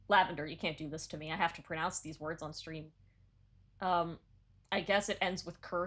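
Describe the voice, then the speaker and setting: A woman's voice: fairly low pitch, normal speed, pauses often. Chatty woman streamer reviewing submissions. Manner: chatty and excitable, frequent "like" and restarts. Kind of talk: casual live-stream commentary, reading lyrics aloud.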